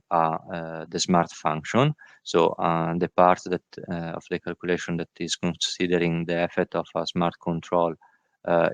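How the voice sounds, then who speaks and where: Halting, low-voiced man presenting slides. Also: clean tone, no echo. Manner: halting, many filler sounds. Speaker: workshop presenter. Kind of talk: technical presentation. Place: virtual workshop call.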